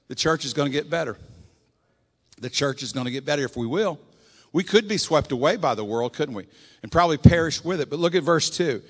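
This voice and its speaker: An older man preaching a sermon, telling folksy stories and swinging between loud and soft. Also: medium pitch, lively intonation, fast talker. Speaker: pastor. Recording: long echoing hall reverb.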